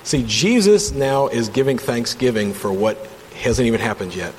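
A man's voice: medium pitch, expressive, normal speed. A man leading a casual Bible study from home, reading passages and commenting with enthusiasm in a conversational way. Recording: long reverb, faint background hum.

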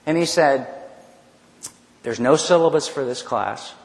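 A man preaching a personal testimony sermon, telling his story in an animated way with frequent restarts. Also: medium pitch, unhurried, creaky. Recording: echoey hall, long reverb.

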